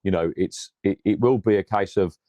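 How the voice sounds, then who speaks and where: A man co-hosting a casual football podcast, excitable, swearing freely and repeating himself as he talks. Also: low voice, moderate pace, dry recording, muffled recording. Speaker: podcast co-host.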